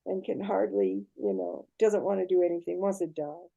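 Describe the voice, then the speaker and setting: An older woman, a guest on a podcast interview, retelling a myth in an animated way and often checking in with her listener. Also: fairly low pitch, normal speed, creaky, phone-quality sound.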